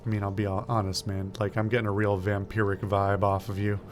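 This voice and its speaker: Male streamer, relaxed narration of a game, musing aloud, faint music bed. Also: fairly low pitch, a little fast. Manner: casual, musing aloud, stumbles on words. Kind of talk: reading a game aloud and commenting.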